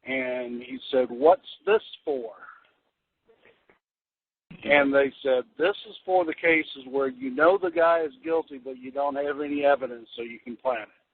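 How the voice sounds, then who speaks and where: A man on a radio show casually telling an anecdote in a low-key way. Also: a little slow, breathy edge. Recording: tinny phone-line radio sound.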